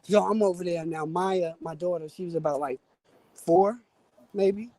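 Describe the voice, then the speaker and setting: A man's voice: sits high, normal speed. Profane New man telling a story. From New York. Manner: profane, animated storyteller who acts out quotes. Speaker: guest on a live stream. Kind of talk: casual storytelling chat. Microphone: remote stream call.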